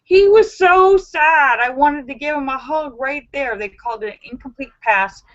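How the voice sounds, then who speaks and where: A woman hosting a casual live-stream chat, talking in an animated, emphatic, sassy way. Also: high voice, normal speed, dull audio. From Los Angeles area. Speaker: livestream host.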